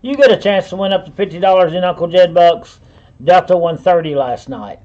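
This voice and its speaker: A man's voice: sits high, expressive, a little fast, a little mellow, muffled recording. A man with a Southern US accent running a live online auction, rambling in a folksy way and calling viewers by name. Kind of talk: live-stream auction patter.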